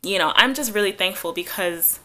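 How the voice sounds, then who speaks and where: Twenties woman, casual vlog chat, bright tone, candid and rambling. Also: mid-range voice, fairly quick. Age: 20s. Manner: rambling, filler-heavy, candid. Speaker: vlogger.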